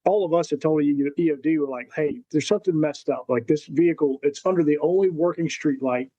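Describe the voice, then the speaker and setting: Mellow-voiced man telling war stories. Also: on the high side, a little fast, no room sound, poor audio. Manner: animated storyteller who acts out quotes. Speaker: podcast guest, Marine veteran. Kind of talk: casual storytelling.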